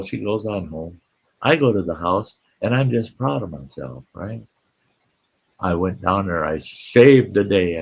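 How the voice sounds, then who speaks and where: A man's voice: extremely low pitch, gravelly, husky, rough recording. A man hosting a live stream, telling a rambling folksy story and greeting people in the chat.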